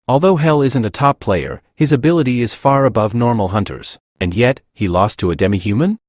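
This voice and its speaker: A man's voice: normal speed, hardly any pauses, no room sound, studio quality. A man reading a comic recap as narrator, doing every character's lines in one plain voice. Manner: reads every part in one plain voice, lively pitch.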